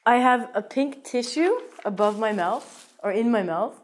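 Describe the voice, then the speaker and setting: A woman's voice: fairly high pitch, animated, a little slow. A woman teaching an English vocabulary lesson in a playful, jokey way, with theatrical asides.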